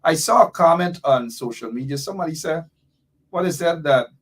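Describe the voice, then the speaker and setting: A man's voice: fairly high pitch, animated, fairly quick, husky. A middle-aged man, hosting a live talk show and giving impassioned, rambling commentary while reading out listener comments.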